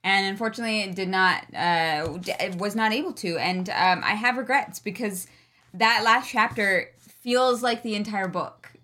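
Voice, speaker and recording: A woman's voice: mid-range voice, normal speed, sharp tone. A woman co-hosting a casual book discussion stream, chatty and hesitant with many fillers. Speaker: podcast co-host.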